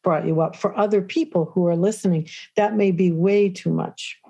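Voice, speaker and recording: A woman guest on a podcast interview, explaining calmly and often checking in with "right?". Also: lowish voice, normal speed, vocal fry, breathy edge, lo-fi sound. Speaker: guest expert on the nervous system.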